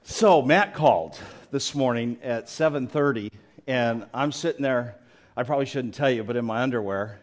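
A man's voice: medium pitch, normal speed. A middle-aged man preaching a sermon as pastor, chatty and joking, with frequent laughs.

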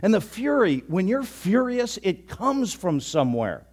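Preaching in a high male voice at a measured clip, the pastor keeps things conversational and animated. Every so often he hits a word with a sudden burst of emphasis.

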